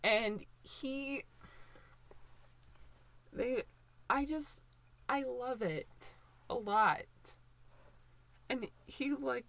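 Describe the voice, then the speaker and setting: A woman's voice: medium pitch, vocal fry, fairly bright tone. A woman in her twenties giving casual, opinionated commentary, rambling with lots of fillers and restarts. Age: 20s.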